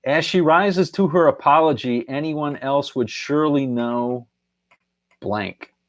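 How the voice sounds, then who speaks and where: Slow, chuckling man hosting a live stream. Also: a little high. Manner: chuckles often, half-sings lyric lines and reads out viewer answers. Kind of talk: casual live stream chat, quizzing viewers on song lyrics.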